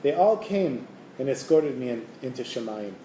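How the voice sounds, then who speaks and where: A man voicing a gruff male miser who is secretly a hidden saint, shouting threats at beggars. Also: mid-range voice, sing-song, moderate pace, echoey room, slight background noise, close to an everyday voice, poor audio. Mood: gentle.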